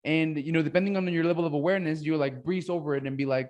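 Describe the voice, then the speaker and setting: A man's voice: a little high, steady tone, racing, darkish tone. A man hosting a podcast, talking in an enthusiastic, casual way with lots of repetition. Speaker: podcast host. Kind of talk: casual interview chat.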